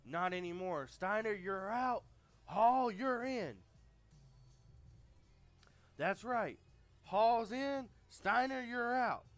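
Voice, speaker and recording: A man voicing a blustering male wrestling company boss who bellows bossy, drawn-out taunts. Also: high-pitched, expressive, no echo, soft background music, pitched above the performer's own voice, full character voice. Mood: boastful.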